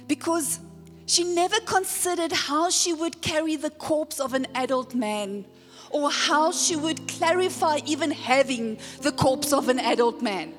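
A woman pastor delivering a sermon in a high, bright register, taking her time over each phrase. She retells the story dramatically and keeps turning to the congregation for a response. Her voice rings through a long church reverb with faint music underneath. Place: church sanctuary.

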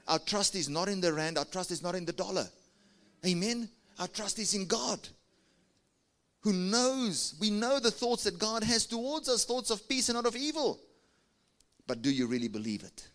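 A man's voice: animated, normal speed, a bit bright. A male pastor with a South African accent preaching a sermon to his church, urging the congregation to answer and raise their hands. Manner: preaching with big pitch swings, coaxing the congregation.

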